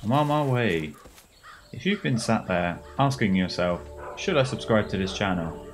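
A man's voice: on the low side, lively intonation, moderate pace, noisy background. A man giving casual, sarcastic, joking commentary while playing a video game. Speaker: gamer.

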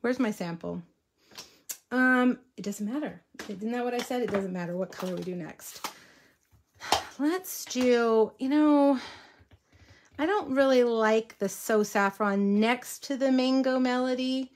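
A woman's voice: on the high side, a little slow, slight background noise. A woman giving a casual live card-stamping tutorial from her home craft room. She is chatty and easily distracted, breaking off to talk to her viewers and her dogs. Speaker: stamping and card-making demonstrator.

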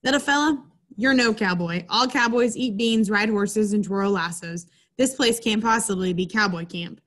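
Gruff outlaw cowboy, as a woman reader puts him on. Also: mid-range voice, moderate pace, fairly bright tone, close to an everyday voice. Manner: drawling, gruff. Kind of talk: reading a picture book aloud.

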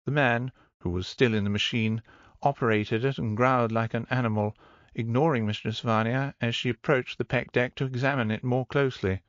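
A man's voice: medium pitch, steady tone, fairly quick, no echo, highs cut off. A man narrating an audiobook in a dry, wry manner.

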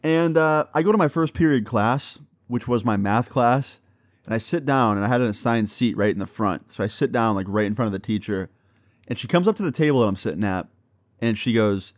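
A young man casually telling a personal story to his viewers, acting out the dialogue in an animated way and swearing now and then. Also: medium pitch, fairly quick, dry recording, clean studio sound. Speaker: storytime vlogger.

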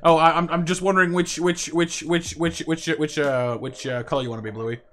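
A man streaming a game with viewers, chatting casually, stumbling over and repeating words, and now and then yelping in high excitement. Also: brisk. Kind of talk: casual live-stream chat over gameplay.

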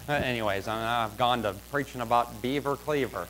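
A man preaching a sermon, emphatic and swinging between loud exhortation and quiet, hushed asides. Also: mid-range voice, a little fast, hardly any pauses, low-quality recording. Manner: emphatic, drops to a hush for asides.

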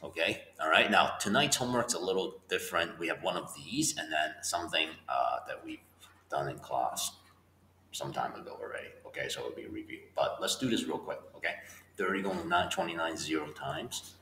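A man teacher working through a homework problem out loud, talking through each step and checking with students. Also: a bass voice, brisk, echoey room, slight background noise. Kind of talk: homework walkthrough lesson.

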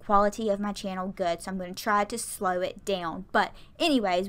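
A woman's voice: mid-range voice, fairly bright tone, clean tone. A woman giving a casual, rambling voiceover for her game video, often stumbling over her words. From American South. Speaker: Sims YouTuber. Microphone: home voiceover mic.

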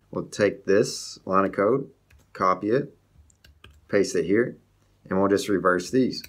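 A young man with a low-pitched voice hosts a coding tutorial, walking steadily through each step of a script on his screen.

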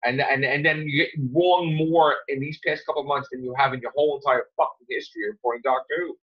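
A man hosting a podcast, ranting angrily with lots of swearing and sudden loud outbursts. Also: medium pitch, steady tone, fast, husky. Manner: heated, profane, jumps to loud outbursts. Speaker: podcast host. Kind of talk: angry podcast rant. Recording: dull lo-fi sound.

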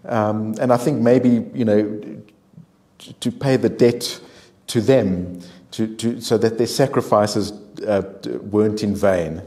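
A man with a low, mellow voice answers questions at a university panel event. He speaks haltingly, restarting often and repeating small words as he works toward each point. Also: fairly even intonation. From South Africa. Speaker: author and journalist guest.

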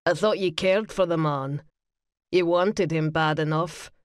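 A woman voicing a gruff, protective Highland man in an audiobook, speaking firmly in a lowered voice. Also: unhurried, no echo, clean studio sound. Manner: firm, insistent, lowered voice. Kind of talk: audiobook character voice.

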